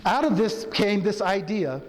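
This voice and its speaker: A chaplain leading a laughter yoga workshop, coaching the audience through breathing and demonstrating laughter in a hotel event room. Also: male voice, sits high, animated, unhurried, slight background noise. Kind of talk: interactive workshop talk. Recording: long hall reverb, faint ambience.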